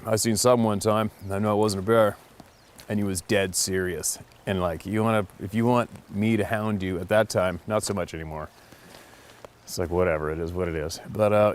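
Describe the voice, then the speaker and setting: A man casually telling a personal story in a blunt, profane, lively way. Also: low-pitched. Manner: blunt, profane, animated retelling. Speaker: storyteller host.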